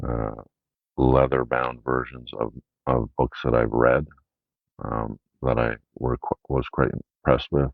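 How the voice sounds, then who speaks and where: Rumbling low and creaky, a man's voice carries this casual, unscripted media haul video as he rambles through his picks. He leans on fillers and keeps checking in with "right?", and the recording is dry, dull, and lo-fi.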